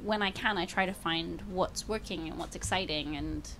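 A woman's voice: fairly low pitch, normal speed, fairly bright tone. Young female author, transatlantic accent, chatty with fillers, light background noise. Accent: mixed British and American. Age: young adult. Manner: chatty, self-deprecating, many fillers. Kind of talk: talk Q&A answers. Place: outdoor bookshop event.

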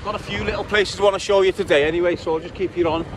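A man with a strong Liverpool accent and a high voice chats away to his viewers while riding through a city centre, swearing freely. Loud street noise and traffic sit right under his voice. He talks in a loose, running vlog style. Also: steady tone, racing. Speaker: vlogger giving a city tour. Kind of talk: casual walking-tour vlog.

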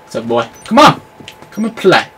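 Man in his own gameplay commentary, bright tense voice pitched a bit high, shouts at the game. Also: normal speed, slight background noise. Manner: excitable, yelling at the game, clean substitute swears. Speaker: gamer.

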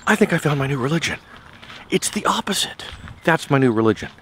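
A man voicing an excitable, needy unemployed balding man in a retold sitcom scene. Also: a little high, brisk, a little hiss or hum, pitched above the performer's own voice. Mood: elated.

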